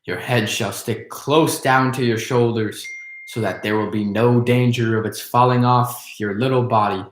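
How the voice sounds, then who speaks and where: Guy doing a creaky cracked old witch lady, spiteful and muttering, storybook read-aloud, roomy echo. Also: mid-range voice, steady tone, measured pace, slight background noise, natural voice. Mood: menacing. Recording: echoey room.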